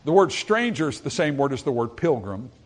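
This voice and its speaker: A man preaching a sermon to his congregation in an earnest voice. He rises for emphasis and then drops low and quiet. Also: sing-song, fairly quick. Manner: reads scripture in old-style phrasing.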